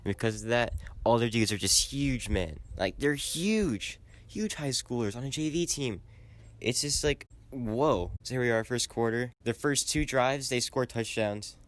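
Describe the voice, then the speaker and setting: A young man telling a personal story in a casual, rambling way, with lots of "like" fillers, and getting loud and worked up when he is annoyed. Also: medium pitch, unhurried. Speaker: gaming channel host.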